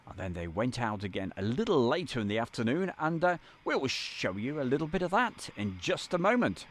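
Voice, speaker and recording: A man's voice: mid-range voice, sing-song, fairly quick. A man hosting a live stream from an editing van, chatting and greeting viewers by name. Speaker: livestream host.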